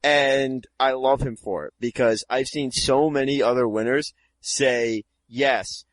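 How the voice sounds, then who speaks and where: A man's voice: mid-range voice, steady tone, a little slow, dry recording. A man co-hosting a podcast, giving emphatic opinions in casual chat. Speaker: podcast co-host.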